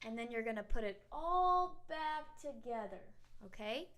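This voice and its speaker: A young woman tutoring a child on syllables. Her voice sits high and swoops a great deal as she talks. She encourages the child brightly and draws words out one syllable at a time. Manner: lively and encouraging, with drawn-out syllables. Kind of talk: teaching a lesson to a child.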